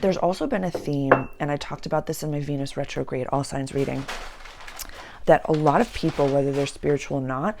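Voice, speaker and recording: A woman astrologer and channeler in casual spiritual talk, earnest, slowing down and repeating words for emphasis. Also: sits low, vocal fry, heavy background noise.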